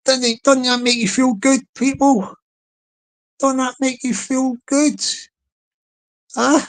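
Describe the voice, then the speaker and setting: Slow-talking man chanting on stream. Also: very high voice, steady tone, low-quality recording. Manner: chants a catchphrase and coaxes the chat to join in; repetitive, playful, drawn-out delivery. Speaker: live streamer. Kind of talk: casual live-stream chat.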